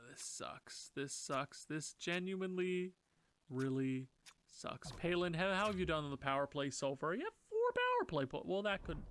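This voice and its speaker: A man's voice: fairly bright tone, a little hiss or hum. Exasperated man calling a hockey franchise run. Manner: exasperated, talks to players, swings into high frustrated outbursts. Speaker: gaming YouTuber. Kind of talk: franchise mode commentary.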